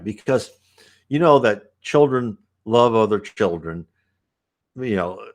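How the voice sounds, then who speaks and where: A man talking casually and at length, explaining a spiritist book in a loose, conversational way. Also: lowish voice. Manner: rambling and conversational.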